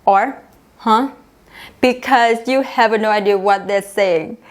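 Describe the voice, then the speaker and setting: A young woman leads an online English lesson. She speaks at a middle pitch, explains each point clearly, and acts out the example phrases. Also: a little slow. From Vietnam. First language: Vietnamese. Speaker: English teacher.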